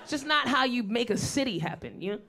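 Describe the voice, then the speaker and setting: A woman's voice: a little high, expressive, quick pace, pushed and bright, some chatter behind, a little hiss or hum. A woman in her thirties doing a stand-up comedy set, blunt, profane and conversational as she tells her stories. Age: 30s. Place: live stage venue.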